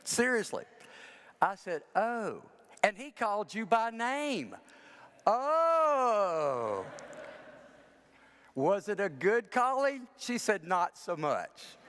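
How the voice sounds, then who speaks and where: A lively male pastor, his pitch sitting a bit high and swinging widely as he jokes through a story-driven sermon. His voice rings with the long reverb of a big church. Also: slow pace. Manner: animated, chatty, self-deprecating humor, voices people in his stories. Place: large church sanctuary.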